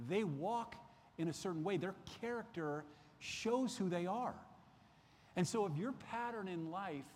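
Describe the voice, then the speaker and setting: A man's voice: on the high side, a little mellow, big-room sound, slight background noise. Earnest man teaching a Bible class. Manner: earnest, repeats key phrases for emphasis. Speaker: Sunday school teacher. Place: church classroom.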